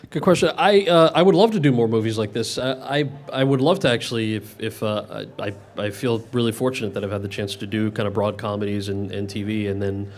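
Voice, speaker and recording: Man, quick talker, fairly low voice, audience Q&A, candid, restarts sentences. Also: slight background noise. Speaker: actor answering audience questions. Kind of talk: public Q&A conversation. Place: event with live audience.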